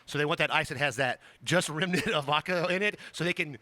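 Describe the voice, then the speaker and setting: A man co-hosting a relaxed bar podcast, rattling off playful bartending stories at a fast clip. His voice sits a bit high and bright. The sound is close and dry. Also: no room sound. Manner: quick, playful storytelling. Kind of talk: casual bar podcast chat.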